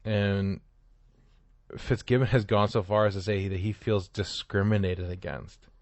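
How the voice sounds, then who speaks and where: A man's voice: fairly low pitch, little pitch movement, a little slow, a little mellow, no echo. A man co-hosting a comedy podcast, reading out odd news stories with a dry, sarcastic delivery. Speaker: podcast co-host.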